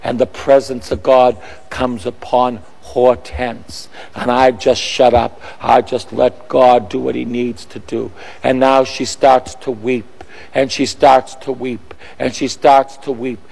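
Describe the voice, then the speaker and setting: A man tells a personal story as a radio priest, chatting and wandering as he searches for words. His voice has a gravelly edge. It rings with a long reverb. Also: mid-range voice, flat delivery, slow, few pauses, darkish tone. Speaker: Catholic priest, radio preacher. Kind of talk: storytelling testimony on a radio broadcast.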